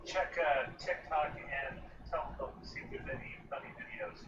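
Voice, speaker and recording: A man's voice: fairly high pitch, huge pitch swings, normal speed. A man playing a tabletop game, joking in an offhand way. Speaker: player. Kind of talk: casual tabletop play. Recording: distant echoey mic, noisy and dull.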